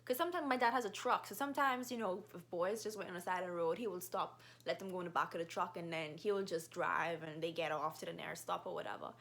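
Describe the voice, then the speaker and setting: A young woman in her twenties with a Bahamian accent, telling stories quickly and animatedly in a casual vlog. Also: fairly low pitch, creaky. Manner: fast-talking, animated storyteller.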